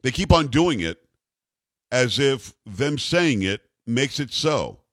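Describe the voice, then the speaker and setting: A man's voice: mid-range voice, sing-song, slow pace, a bit bright, no room sound. A man hosting a talk radio show, delivering a sarcastic, emphatic political monologue into a studio microphone.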